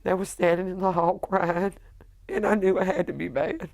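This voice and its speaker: A middle-aged woman, a widow giving emotional personal testimony in a halting way, full of quoted dialogue. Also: fairly low pitch, fairly even intonation, vocal fry, darkish tone. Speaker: widow telling her story.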